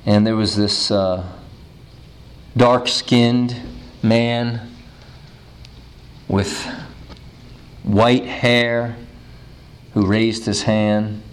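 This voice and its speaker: Slow, deliberate male preacher. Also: lowish voice, fairly even intonation, smooth. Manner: slow, emphatic storytelling with pauses. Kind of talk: sermon storytelling.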